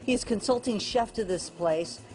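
A chatty, upbeat woman reporting live for morning TV from inside a restaurant. Her voice sits at an ordinary middle pitch. She keeps asking quick questions. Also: darkish tone, slight background noise. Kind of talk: live on-location TV segment.

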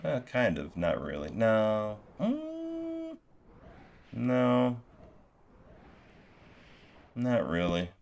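A man's voice: lowish voice, very slow, vocal fry, long pauses, a little mellow, slight background noise. A man streaming a game live, chatting easily and thanking viewers as he plays, talking into a headset. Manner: easygoing, thanking viewers as they go. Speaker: gaming streamer. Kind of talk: live gameplay commentary. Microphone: gaming headset. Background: game music and hoofbeats.

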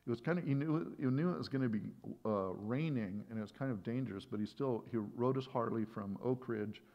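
A man's voice: medium pitch, a little fast, dull audio. Man preaching, chatty storytelling style. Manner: conversational, animated retelling with frequent restarts. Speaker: pastor. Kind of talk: sermon storytelling.

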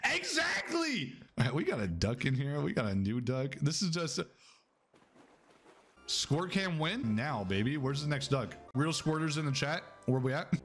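A young man streaming a game live, joking loudly with chat and swearing a lot. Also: mid-range voice, expressive, normal speed, husky, soft background music.

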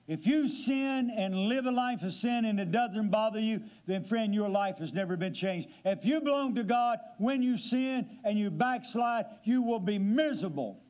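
A man's voice: high voice, muffled recording. A man preaching as a guest speaker in a church, emphatic and asking his listeners questions. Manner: emphatic, asks the congregation questions. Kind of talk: sermon. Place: church sanctuary.

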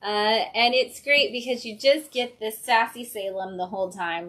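A woman's voice: fairly high pitch, moderate pace, fairly bright tone. A woman co-hosting a comics livestream from a comic book shop, chatting with enthusiasm. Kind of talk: casual chat.

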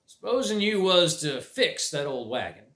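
A gruff, grasping farmer uncle who drawls his words out slowly, read by a man. The voice is fairly lively, in a roomy, echoing space. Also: on the high side, voice pushed up. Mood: scheming. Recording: roomy echo.

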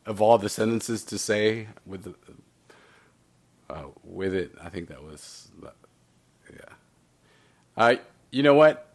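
Male math teacher, fairly low voice, works through problems aloud with light playful asides. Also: animated, slow, pauses often. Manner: talks through steps with himself, playful asides. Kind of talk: recorded math lesson walkthrough.

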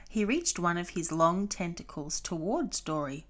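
A woman reading a children's storybook aloud, clear and expressive. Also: on the low side, unhurried, hardly any pauses, a little hiss or hum.

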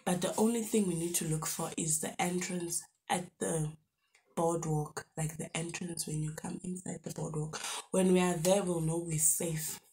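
A young woman with a South African accent telling a storytime on her vlog, animated and lively, throwing in local slang exclamations. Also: lowish voice, normal speed. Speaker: YouTuber.

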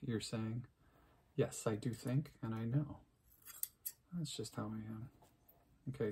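A man's voice: mid-range voice, darkish tone, husky. A middle-aged man hosting an unscripted craft video, rambling and self-mocking as he talks, with plenty of fillers. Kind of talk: unscripted casual craft vlog.

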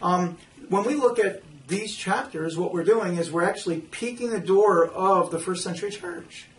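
A man with a high voice teaches a church Bible class, animated and often restarting his sentences. He is recorded from a distance in an echoey room, with faint background noise. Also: normal speed. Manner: animated, acts out quotes, frequent restarts.

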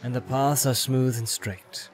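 A man plays a stern elf guardian in a fantasy audio drama. His delivery is measured, formal and solemn, at a middle pitch, with music running behind him. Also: fairly even intonation, natural voice. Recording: background music.

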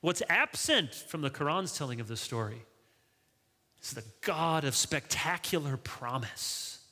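A man preaches with a very bright, forceful voice that sits a little high for a man. His delivery is animated, leaping upward when he acts out pleas to characters. The sound rings with the long reverb of a large church hall. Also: measured pace. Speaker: pastor. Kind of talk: sermon.

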